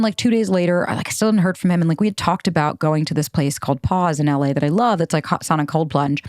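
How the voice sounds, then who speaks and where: A woman in her thirties hosts a solo podcast and tells her own story in a casual, unfiltered way. Her voice sits on the lower side, and she swears freely while acting out old text messages. The sound is close and dry, with no room around it. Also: a little mellow, dry recording. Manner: casual, candid, swears freely, acts out texts. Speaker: podcast host.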